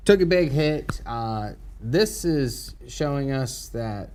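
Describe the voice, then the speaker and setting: A man co-hosting a live stock market show, giving commentary and quick to laugh and tease. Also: medium pitch, expressive, darkish tone, clean tone. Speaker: stock market instructor co-host.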